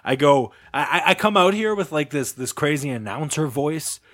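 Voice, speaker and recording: Giggly, animated male podcast host. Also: fairly high pitch, normal speed. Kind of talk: casual comedy chat.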